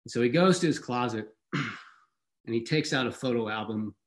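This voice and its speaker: A man telling a personal story in a conversational, animated and wry way. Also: medium pitch, normal speed.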